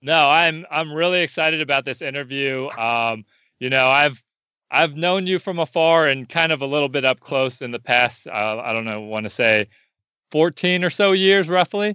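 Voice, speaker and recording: A man's voice: on the high side, moderate pace, bright, forceful tone, clear, resonant tone, no echo, highs cut off. A man hosting a podcast, introducing and chatting with a guest in a friendly, loose way. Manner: friendly, lots of fillers and restarts. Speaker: podcast host. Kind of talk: casual interview.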